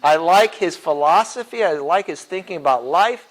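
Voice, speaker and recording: A man's voice: on the high side, lively intonation, normal speed, poor audio. Chuckling man teaching a church class. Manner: casual and chuckling, many fillers and restarts. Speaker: apologetics teacher. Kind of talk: classroom lecture.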